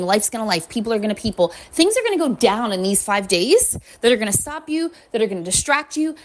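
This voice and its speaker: A woman money coach giving an upbeat, emphatic motivational lesson with lots of repetition. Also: a little high. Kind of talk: motivational teaching talk.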